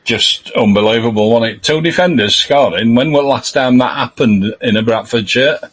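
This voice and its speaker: A man's voice: mid-range voice, normal speed, breathy edge. An older man co-hosting a football podcast, talking emphatically and repeating himself for effect. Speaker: podcast co-host. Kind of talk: casual football chat.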